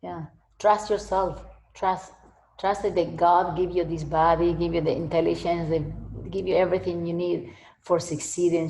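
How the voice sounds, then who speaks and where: A spiritual teacher gives a casual talk and answers questions, rambling, repeating herself, and often laughing. Her voice is fairly low and mellow, and the room is echoey.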